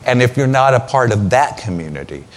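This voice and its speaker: A man preaching a sermon, retelling scripture as a story with dramatic pauses. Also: medium pitch, very animated.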